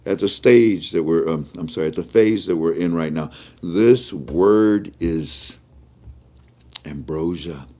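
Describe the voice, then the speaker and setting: A man hosting a casual live-stream talk show, animated, often chuckling and drawing out words for emphasis. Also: low-pitched, a little fast, few pauses. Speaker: host.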